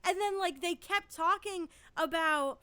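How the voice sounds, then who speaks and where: High, bright-voiced woman rambling through a story. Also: a little slow, no room sound. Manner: rambling anecdote with frequent swearing and restarts. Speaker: podcast co-host. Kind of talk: casual chat.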